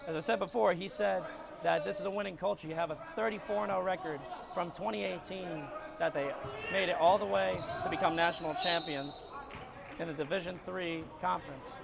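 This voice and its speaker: A man with a raspy voice calling a live college basketball game from an arena skybox, getting excited and shouting on big plays. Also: high-pitched, fairly quick. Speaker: play-by-play commentator. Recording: noisy arena broadcast feed. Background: arena ambience, ball bouncing.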